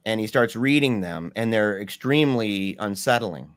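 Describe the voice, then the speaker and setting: A young man telling his personal story in a candid, animated way with slangy asides. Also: fairly low pitch, moderate pace, no echo, clean studio sound.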